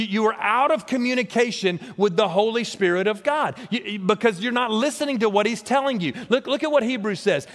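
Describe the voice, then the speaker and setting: A man's voice: high voice, fairly bright tone. A man preaching a sermon as a pastor, earnest and repetitive, often restarting his words. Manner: earnest preaching with frequent word repeats and restarts. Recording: long reverb of a large hall.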